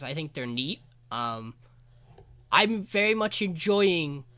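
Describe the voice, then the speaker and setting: A man's voice: fairly high pitch, bright, forceful tone. A man co-hosting a podcast, giving a rambling, casual anime episode recap full of fillers and the odd swear. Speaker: podcast co-host.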